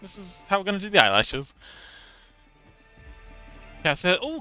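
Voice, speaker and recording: Chatty bright-voiced man streamer. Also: high-pitched, huge pitch swings, normal speed, rough recording. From Hong Kong. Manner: chatty, reads out chat, frequent fillers and restarts. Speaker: VTuber streamer. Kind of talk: casual livestream chat while modeling. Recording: dry close mic, faint background music.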